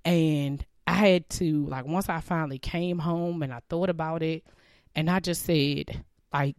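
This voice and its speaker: A woman's voice: sits low, fairly even intonation, measured pace, darkish tone, no room sound, studio quality. A woman in her thirties sharing a heartfelt, reflective personal faith testimony about leaving her job.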